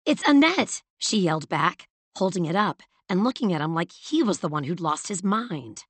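A woman narrates a novel in a measured, even manner with a lowish voice. Her reading is steady and close to the mic. The sound is dry, with no room echo. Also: breathy edge. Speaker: audiobook narrator. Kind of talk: scripted narration.

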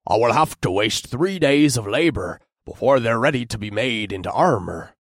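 A man voicing a short, stout, gruff dwarf blacksmith in an audiobook. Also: medium pitch, animated, moderate pace, no echo, clean studio sound, lightly acted. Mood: haggling. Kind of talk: audiobook narration.

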